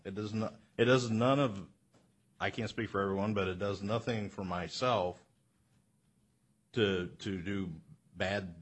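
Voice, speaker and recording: A man speaking as a councilmember at a city meeting, earnest and halting with many fillers. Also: low voice, slightly rough. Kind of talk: council remarks. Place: council chamber.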